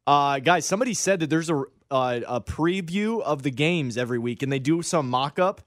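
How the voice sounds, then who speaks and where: A man's voice: a little high, expressive, moderate pace, dry recording, clean studio sound. A man from the northern United States co-hosting a casual sports podcast, brash and jokey. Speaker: podcast co-host.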